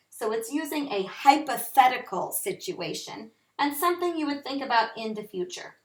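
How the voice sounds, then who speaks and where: A woman teacher slowly and clearly explaining English grammar to learners. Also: on the high side, lively intonation. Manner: slow, clear, deliberate teaching delivery. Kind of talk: instructional lesson. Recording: echoey room, voice off-mic.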